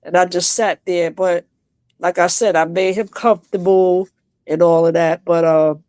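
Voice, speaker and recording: A woman on a video call from home, a guest telling an emotional personal story on a live stream, halting and restarting as she speaks. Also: fairly low pitch, fairly even intonation, darkish tone, dry recording.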